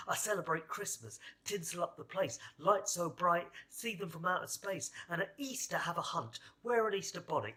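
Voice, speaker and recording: A man's voice: on the high side, sharp tone. A man from England performing a spoken word poem in a rhythmic, sardonic rhyming delivery. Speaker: poet.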